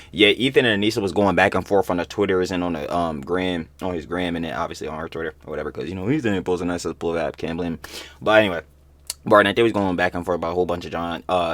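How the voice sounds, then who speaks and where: A man hosting a reaction video, casual and profane, swinging from slangy chatter to loud outraged yelling. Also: low-pitched. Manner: slangy, fast-talking intro to viewers.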